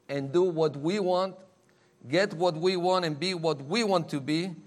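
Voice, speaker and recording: Earnest man preaching a sermon. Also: high voice. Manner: earnest, emphatic, repeats key words for stress; reads scripture in old-fashioned wording.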